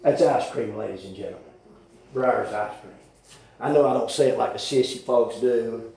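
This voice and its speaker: A man preaching a folksy, rambling sermon with sudden shouted bursts in a church. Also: mid-range voice, normal speed, creaky. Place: church hall. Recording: very echoey church from far off.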